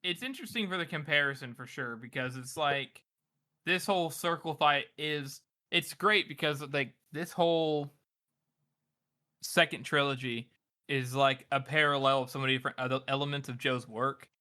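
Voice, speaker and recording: A man's voice: mid-range voice, pushed and bright. A man co-hosting a podcast, eagerly laying out his take on a book in casual chat. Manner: eager, fast-running analysis. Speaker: podcast co-host.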